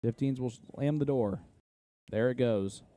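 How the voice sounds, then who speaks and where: A man's voice: medium pitch, a little slow, mellow. A man from Indiana with an Indiana accent giving casual, analytical play-by-play commentary on a live darts match.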